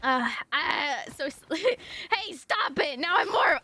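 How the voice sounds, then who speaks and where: A woman's voice: high voice, very animated, takes it slowly, bright, forceful tone, slight background noise. A young woman streaming live, chatting casually with her viewers in a giggly, rambling, apologetic way.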